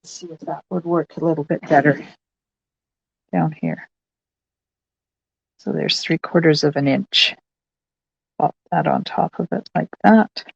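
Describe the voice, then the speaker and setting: Chatty Canadian woman with a gravelly voice. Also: sits low, darkish tone, dry recording, rough recording. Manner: chatty, talks through each step while working. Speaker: crafting channel host. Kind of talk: casual crafting tutorial narration.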